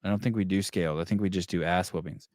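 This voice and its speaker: A man's voice: low-pitched, steady tone, fast talker, a little mellow, dry recording, clean studio sound. A man hosting a podcast in casual chat, reading live comments and ranting in a rambling, profane way with many restarts. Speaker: podcast host.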